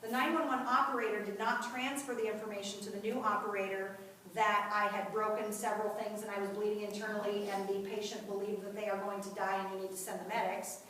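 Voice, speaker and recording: A woman's voice: medium pitch, little pitch movement, fast, a bit bright, slight background noise. A woman giving a personal testimony to a group, telling the story vividly and acting out the voices of the people in it. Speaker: guest speaker at a mothers' group. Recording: echoey room, voice from far off.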